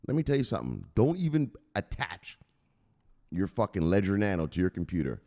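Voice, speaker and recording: A man's voice: deep voice, wildly swooping pitch, brisk, warm tone. Joking, profane male crypto vlogger. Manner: profane, joking, laughs often. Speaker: crypto news host. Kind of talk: casual vlog commentary.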